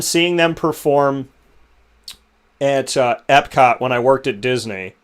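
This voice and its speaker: A young man hosting a casual interview, telling stories in an animated, emotional way. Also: medium pitch, clear, resonant tone. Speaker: podcast host.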